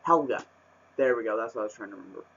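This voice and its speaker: A man's voice: fairly low pitch, lively intonation, racing, gravelly, sharp tone, slight background noise. Rambling man on a muffled webcam. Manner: rambling, lots of fillers and restarts; exasperated rants. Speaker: book reviewer. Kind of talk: casual book review vlog. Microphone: webcam microphone.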